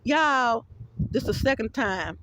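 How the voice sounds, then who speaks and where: A woman's voice: fairly high pitch, animated, measured pace, fairly bright tone. A woman giving a rambling casual vlog monologue. She tells her stories bluntly and profanely, with plenty of animation. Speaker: vlogger.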